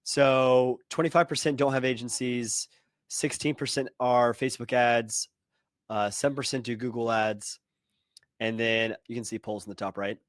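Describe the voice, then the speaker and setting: A man's voice: medium pitch, fairly even intonation, moderate pace, no room sound. A man co-hosting an online call, chatty and hesitant with many filler sounds. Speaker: webinar co-host. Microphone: video call.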